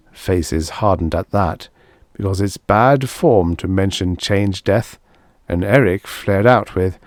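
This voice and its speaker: Low-voiced male audiobook narrator. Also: a little slow, a little mellow, no room sound, clean studio sound.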